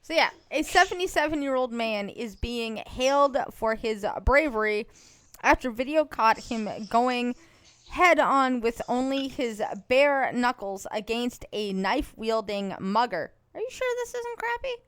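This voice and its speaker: Bright-voiced woman reading the news. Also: a little high, unhurried, clear, resonant tone, no echo. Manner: reads headlines aloud, laughs often. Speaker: podcast co-host reading news. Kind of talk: casual chat.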